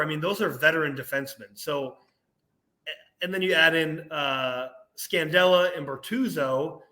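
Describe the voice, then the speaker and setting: A young man co-hosting a casual sports podcast, ranting with animated energy and laughing at himself. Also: a little high. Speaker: podcast co-host.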